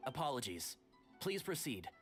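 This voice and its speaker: A man's voice: medium pitch, sing-song, moderate pace, fairly bright tone, faint music behind. An actor playing a dutiful male palace guard in a video game, speaking formally and stiffly.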